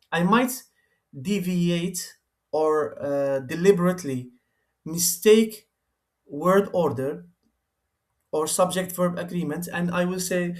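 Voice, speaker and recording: A man, an Arabic speaker, explaining his lesson plan as a teacher in English, hesitant, with many fillers and restarts. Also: high voice.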